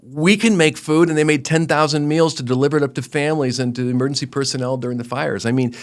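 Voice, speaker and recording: A middle-aged man, a company founder, telling stories earnestly in an interview, animated, often restarting his sentences. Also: fairly high pitch, fast. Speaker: guest, roofing company founder. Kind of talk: conversational interview storytelling.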